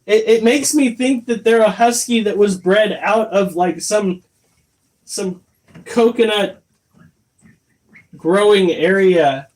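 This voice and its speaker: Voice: mid-range voice, slow pace, pauses often, a little mellow. A livestreamer chatting casually while reading chat, swearing a lot and sounding incredulous. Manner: profane, incredulous, rambling.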